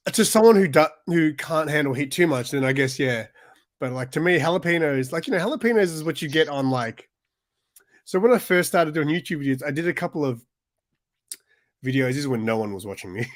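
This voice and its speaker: A young man co-hosting a casual podcast chat, telling rambling stories full of restarts and fillers. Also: a little high. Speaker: podcast co-host.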